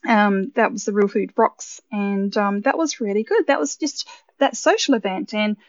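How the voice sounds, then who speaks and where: A woman's voice: mid-range voice, moderate pace, no room sound. Woman, Australian accent, podcast host, chatty storyteller, dry close sound, muffled tone. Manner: chatty, animated storyteller who laughs easily. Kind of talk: casual conversational chat.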